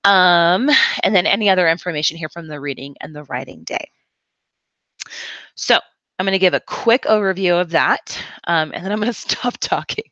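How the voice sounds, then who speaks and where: A woman reading teacher explaining a lesson plan step by step in a relaxed, conversational way. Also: fairly low pitch, normal speed, dry recording, muffled recording. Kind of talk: instructional walkthrough.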